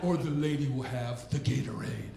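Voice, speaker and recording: A man doing a stand-up comedy set on stage, animated and mock-indignant, acting out quick exchanges in quoted voices. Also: medium pitch, gravelly, very noisy. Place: comedy club stage with a laughing audience. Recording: roomy club sound with loud audience laughter. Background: audience laughter.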